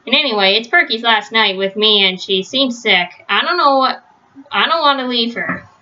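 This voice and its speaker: An earnest young aardvark boy from a read-aloud storybook, voiced by a woman. He sounds eager and caring, and his voice goes up when he gets excited. The voice is high and bright, and the home recording is muffled. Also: moderate pace.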